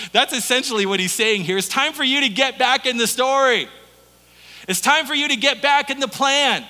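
A male pastor delivers his sermon like he's telling a story to friends. His voice sits high and bright. It rings out with a long hall reverb, as if in a church sanctuary. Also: moderate pace. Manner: conversational storytelling preaching.

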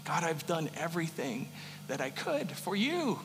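A man voicing a grieving woman who prays bitterly to God, in halting, repeated pleas. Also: fairly high pitch, sing-song, long reverb tail, background noise. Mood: anguished pleading. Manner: pleading, halting, repeated appeals.

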